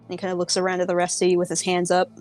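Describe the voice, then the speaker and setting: A woman's voice: lowish voice, completely flat delivery, very fast, a little mellow, soft background music. A woman narrating a tabletop game as game master, casual and full of filler words.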